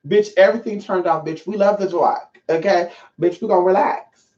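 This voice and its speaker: A woman's voice: lowish voice, normal speed, a little mellow, muffled recording. A woman hosting a livestream from home as a spiritual teacher. She talks in a casual, sassy and emphatic way and swears freely.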